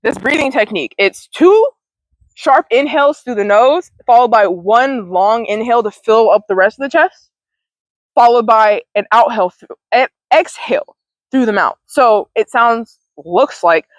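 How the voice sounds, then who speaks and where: Chatty, rambling woman with higher voice. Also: lively intonation, normal speed, no echo, rough recording. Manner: rambling, stammers and repeats words, laughs often; informal, slangy, occasional swearing. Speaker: wellness show host. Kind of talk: casual talking-to-camera monologue.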